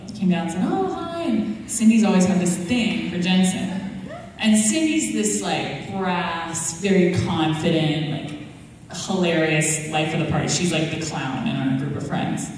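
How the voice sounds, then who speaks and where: A woman at a convention panel, telling lively anecdotes and acting out the voices of the people in them. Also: fairly low pitch, moderate pace, slight background noise. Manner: animated storyteller, acting out quoted voices. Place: large convention hall. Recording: echoey hall recorded from far off.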